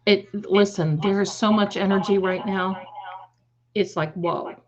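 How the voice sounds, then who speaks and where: A woman's voice: medium pitch, steady tone, a little slow, dull audio. A woman hosting a tarot livestream in casual chat, affectionately calling her viewers "my darlings" while fiddling with her setup.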